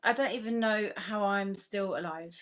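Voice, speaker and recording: A woman's voice: mid-range voice, moderate pace, a crowd in the background. A middle-aged woman co-hosting a live show, rambling and self-deprecating. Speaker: co-host. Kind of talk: casual live-stream chat.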